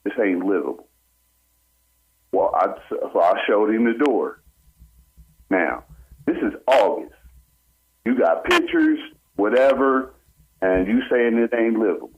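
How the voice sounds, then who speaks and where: A man on a telephone call tells his story with animation, slipping into the voices of the people involved. His voice sits low and sounds husky. It comes through a thin, tinny phone line. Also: slow, long pauses. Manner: animated storyteller who acts out what others said. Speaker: caller. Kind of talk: telling a personal story on a call-in radio show. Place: on a phone call into a radio show.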